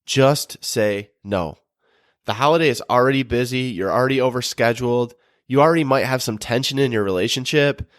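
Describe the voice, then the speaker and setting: A man's voice: mid-range voice, fairly quick, no room sound, clean studio sound. Earnest man giving relationship advice. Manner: earnest, relaxed, restarts a lot. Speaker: podcast co-host. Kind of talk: casual advice talk.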